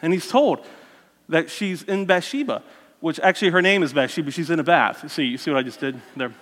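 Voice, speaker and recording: A man preaching a sermon as a lively story, acting out the characters' voices and adding joking asides. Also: on the high side, a little fast, long reverb tail. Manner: animated, voices the characters, self-mocking asides.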